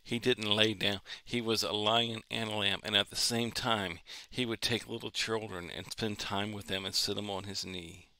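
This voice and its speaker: A man's voice: lowish voice, little pitch movement, moderate pace, few pauses, sharp tone, clean tone, no room sound. A man preaching a sermon in an earnest way, repeating phrases to build emphasis.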